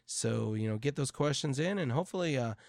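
A man's voice: mid-range voice, lively intonation, fast, gravelly, darkish tone, no echo, clean studio sound. A man co-hosting a casual podcast, chatty and joking. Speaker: podcast co-host. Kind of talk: casual chat.

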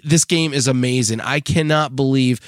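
A man's voice: mid-range voice, moderate pace, no echo, studio quality. A man co-hosting a casual podcast, enthusiastically rambling about a mobile game with plenty of fillers. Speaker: podcast co-host. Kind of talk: casual chat, app review.

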